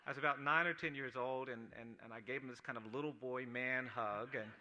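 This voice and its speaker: A man's voice: medium pitch, steady tone, fairly quick, sharp tone, highs cut off, a little hiss or hum. A man, a lawyer, giving an earnest personal speech at an awards dinner, building his points through repeated phrases. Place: awards dinner, speaking to an audience.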